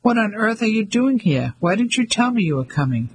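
A man voicing a lively, warm middle-aged woman who speaks briskly and cheerfully. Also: high voice, a little hiss or hum, poor audio.

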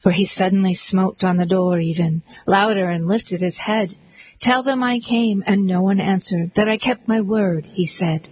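Female poetry reader, dramatic and rhythmic verse delivery, mid pitch, faint room hiss. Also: rough recording. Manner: expressive, rhythmic verse reading.

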